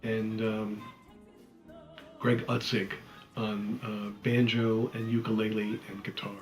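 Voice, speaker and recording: Lower-voiced guy hyping up a cast on radio, faint music under him. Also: level tone, takes it slowly. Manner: enthusiastic, praising, with fillers. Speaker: music director presenting a show. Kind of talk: radio talk about a production.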